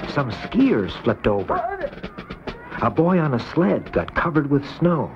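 Animated man reading a children's story. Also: medium pitch, measured pace, background noise. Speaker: narrator. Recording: dull lo-fi VHS tape.

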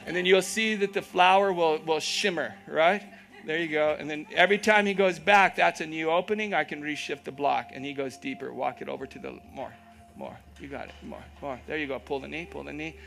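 A man's voice: fairly high pitch, brisk, vocal fry, fairly bright tone, soft background music. A man teaching a live yoga class, giving encouraging cues, checking in with "okay?", and making playful asides.

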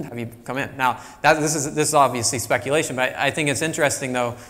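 A middle-aged man gives a relaxed public lecture, talking things through with plenty of fillers and restarts. His voice sits at an ordinary pitch and carries a long reverb from the large lecture hall around him. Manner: conversational, thinking aloud with fillers. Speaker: guest lecturer.

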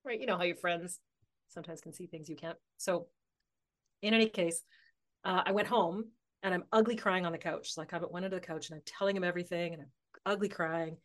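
A woman telling a personal story as a podcast guest, animated and laughing often as she talks. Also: on the low side, fairly quick. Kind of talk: casual conversational storytelling.

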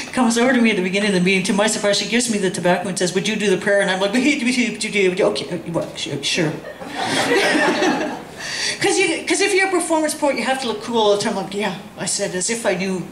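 Animated woman telling a story. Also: mid-range voice, brisk. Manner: animated, acts out quoted voices, laughs often. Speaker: guest speaker. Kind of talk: personal storytelling. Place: community session room. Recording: echoey room with faint ambient noise.

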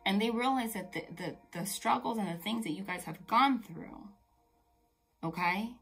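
A woman's voice: medium pitch, moderate pace, fairly bright tone, husky, faint music behind. A woman doing a tarot reading straight to camera, chatty and emphatic, swearing casually and talking directly to the viewer. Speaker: tarot reader.

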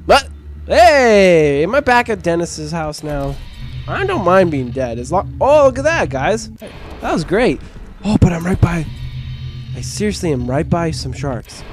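A young man hosting a let's-play video, joking with viewers in bro slang and yelping loudly at every scare. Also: a little high, takes it slowly, faint music behind. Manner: excitable, yelps and shrieks at scares. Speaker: gaming video host.

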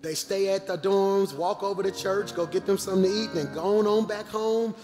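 Male pastor, high-voiced and animated, live church reverb with faint music; calls out to the crowd. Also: fairly quick. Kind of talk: church announcements from the pulpit. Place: large church auditorium.

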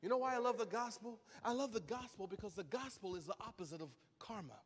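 High, shouting preacher man. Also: fast talker, a little hiss or hum. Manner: shouting, emphatic and repetitive. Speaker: pastor. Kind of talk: sermon. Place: large hall. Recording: reverberant hall.

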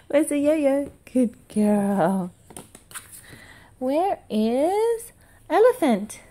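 A woman asks her toddler question after question in a slow, lilting voice, stopping to praise her and to make animal noises. Her voice sits a little high and sounds soft and mellow, and she draws every word out. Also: very animated. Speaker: mother. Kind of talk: quizzing a toddler with flash cards.

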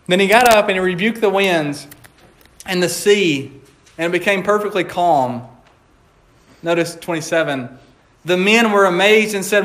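High-voiced man preaching a sermon. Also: expressive, normal speed, long pauses, a bit bright. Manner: conversational and playful, laughs often, acts out quotes. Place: church.

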